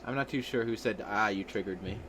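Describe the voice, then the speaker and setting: A man's voice: fairly low pitch, noisy background. A young man hosting a casual gaming podcast, joking and teasing his friends as he talks. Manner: joking, animated, quick to tease. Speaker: podcast host.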